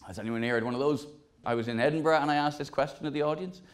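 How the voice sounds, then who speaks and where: A man's voice: a little high, racing. A man in his forties doing a stand-up routine, telling a wry, self-mocking story with sweary punchlines. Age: 40s. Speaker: stand-up comedian.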